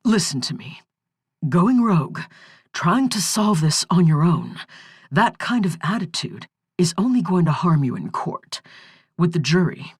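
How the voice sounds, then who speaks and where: A steady defense lawyer, voiced by a woman narrator, who speaks in a soothing, measured way. The audiobook delivery is unhurried and sits fairly low. The sound is dry and close-miked. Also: husky, no room sound, heavily acted. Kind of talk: audiobook character voice.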